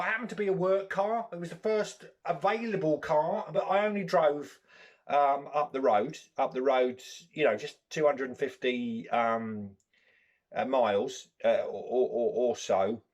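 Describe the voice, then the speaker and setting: A man's voice: fairly high pitch, dull audio. Man rambling through a comic monologue. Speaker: comedy host.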